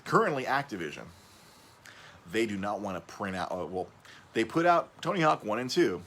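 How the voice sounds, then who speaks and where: A man hosting a casual podcast, rambling, stumbling over and repeating his words, his voice jumping up when he gets excited. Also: fairly low pitch, moderate pace, slight background noise. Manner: excitable, voice jumps up on emphasis. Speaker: podcast host.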